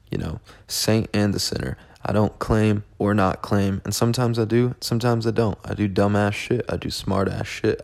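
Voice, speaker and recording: A man's voice: lowish voice, creaky, darkish tone. A man hosting a solo podcast, rambling through a profane, self-mocking monologue. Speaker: podcast host.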